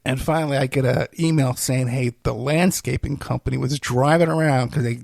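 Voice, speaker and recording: A man's voice: mid-range voice, fairly even intonation, fairly quick, creaky, darkish tone, dry recording. A middle-aged man hosting a podcast, rambling in a casual, self-deprecating way while sounding tired and unwell. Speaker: podcast host. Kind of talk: casual solo monologue.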